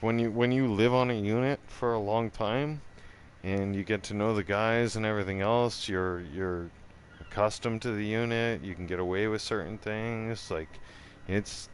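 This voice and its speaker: A man's voice: fairly low pitch, slight background noise. A man telling a profane personal story in casual style, acting out the voices as he goes. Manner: profane, animated, acts out every voice himself.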